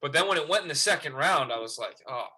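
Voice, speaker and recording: A man who is a guest on a casual sports podcast, speaking knowledgeably and sometimes trailing off into low mutters. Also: expressive, fast, pushed and bright, slight background noise. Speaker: guest, video creator and fan.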